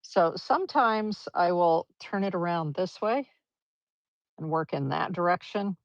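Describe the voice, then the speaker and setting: Gravelly-voiced woman teaching live painting. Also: fairly low pitch, animated, unhurried, dry recording. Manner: chatty, encouraging, talks through each brushstroke. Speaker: art teacher. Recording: dull, lo-fi livestream audio.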